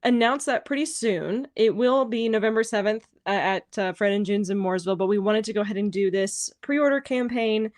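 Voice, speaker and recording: Brief: thirtysomething woman book club host, friendly chat, mid pitch. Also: fairly quick, hardly any pauses, darkish tone. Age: 30s. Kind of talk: casual video chat.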